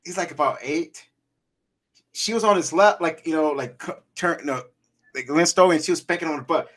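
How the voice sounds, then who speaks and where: A man telling childhood stories in casual chat, animated and laughing often, swearing freely. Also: a little high, a little fast, noisy background. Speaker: podcast co-host.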